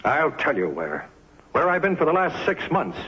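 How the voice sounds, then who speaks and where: A husky, blunt talent agent who delivers bad news flatly but with swings in pitch. His voice sounds dull and lo-fi, like an old TV soundtrack. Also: moderate pace, full character voice. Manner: blunt, dry, clipped. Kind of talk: 1950s TV drama acting.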